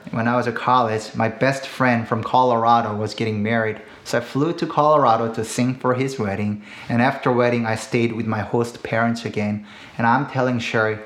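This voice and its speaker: A man in his thirties with a Korean accent delivers a sermon at a measured, earnest pace. His voice sits in an ordinary middle pitch and rings out in a roomy, echoey space. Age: 30s. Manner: earnest, slow and deliberate, with emphatic rises. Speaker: pastor. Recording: echoey room.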